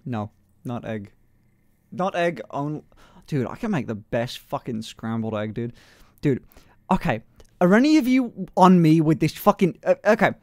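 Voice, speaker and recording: A man's voice: fairly high pitch, big pitch swings, measured pace, dry recording. A young man streaming live in casual chat, swearing freely, laughing often and testing out voices. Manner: swears freely, laughs a lot, playful voice experiments.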